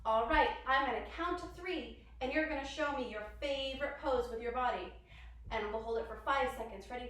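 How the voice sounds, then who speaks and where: High-voiced woman teaching kids' yoga. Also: brisk, a bit bright. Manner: playful, sing-song, coaxing questions to children. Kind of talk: children's yoga lesson. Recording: echoey room, distant mic.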